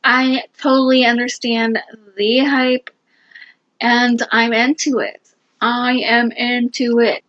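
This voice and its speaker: Excitable woman gushing in a slow, dull recording. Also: on the high side, no room sound. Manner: gushing, excitable, repeats herself. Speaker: booktuber. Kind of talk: casual reading vlog check-ins.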